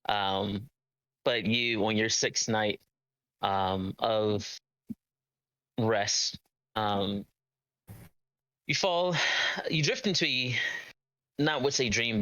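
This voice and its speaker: A man's voice: fairly low pitch, fairly bright tone, no room sound, low-quality recording. A man narrating as game master of a tabletop game, hesitant with many ums and uhs.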